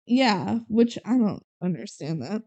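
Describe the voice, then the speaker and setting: A mellow, expressive mid-range voice belongs to a woman co-hosting a podcast. She casually goes over a movie's story, acting out characters' lines with quick quoted voices and laughter.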